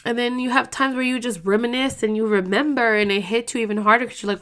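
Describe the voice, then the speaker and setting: A woman's voice: on the high side, fairly even intonation, fast, hardly any pauses, a bit bright. A woman hosting a casual podcast monologue, talking bluntly and emotionally, swearing often and rambling through restarts. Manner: heated, blunt, swears a lot. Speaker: podcast host.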